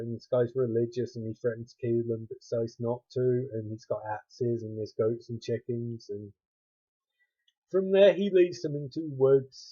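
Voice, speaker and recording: A man rambles through a recap of a bad horror movie, dropping dry, sarcastic asides as he goes. His voice is dark and mellow, and the recording sounds dull and lo-fi. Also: medium pitch. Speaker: movie reviewer.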